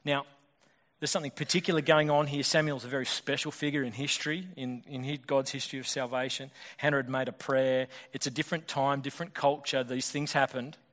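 A male pastor preaching a sermon in a fast, conversational way, often restarting his sentences. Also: mid-range voice, little pitch movement, fairly bright tone. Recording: long hall reverb.

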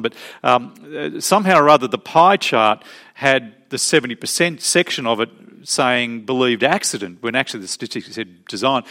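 A man preaching a sermon as pastor, emphatic, slowing down to stress key phrases. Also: mid-range voice, fairly bright tone. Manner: emphatic, varied pace with slow stressed phrases.

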